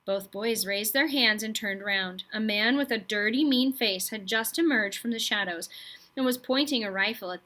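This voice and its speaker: A woman reads a children's novel aloud, talking straight to young listeners in a friendly way. Her voice is bright and sits a little high. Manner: friendly, addresses children directly. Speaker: children's storybook reader.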